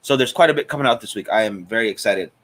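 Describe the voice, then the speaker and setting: A man's voice: lowish voice, rapid-fire, a bit bright. A man hosting a live cigar stream in a chatty, casual way, greeting viewers by name. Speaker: host of a cigar show.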